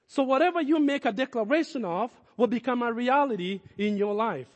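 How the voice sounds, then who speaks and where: A man's voice: extremely high pitch, a little fast, in a large hall. A man preaching a sermon as a pastor, speaking in emphatic, repeated declarations.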